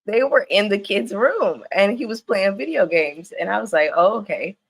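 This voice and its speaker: A young woman giving casual, animated livestream commentary on a reality show, laughing often. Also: medium pitch, moderate pace. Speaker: reality TV recap streamer.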